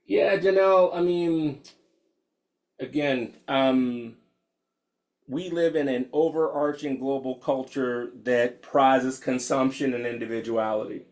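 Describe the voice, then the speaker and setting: A man's voice: mid-range voice, fairly even intonation, takes it slowly, a little mellow. A man, a meditation teacher talking casually and candidly and laughing often as he reads out attendees' comments over a video call. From United States. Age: 50s.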